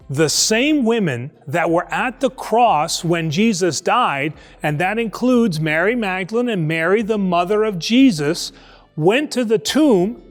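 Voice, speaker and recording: A priest telling a Bible story to children in a lively, conversational way, acting out the voices. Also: male voice, high-pitched, big-room sound. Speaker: priest teaching Sunday school. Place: church.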